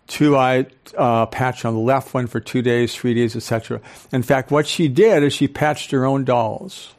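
An older man giving a live lecture to an audience as a speaker and professor, animated, often quizzing listeners with questions. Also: mid-range voice, moderate pace. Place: club hall with a live audience.

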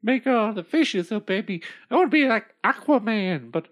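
A greedy old woman drunk on power, cursing and ordering everyone about in a comic storybook reading. A performer plays her in a raised voice with wide, lively swings of pitch. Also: moderate pace, lo-fi sound, close to an everyday voice. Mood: domineering. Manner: foul-mouthed, shouting orders. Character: greedy bossy old woman turned ruler.

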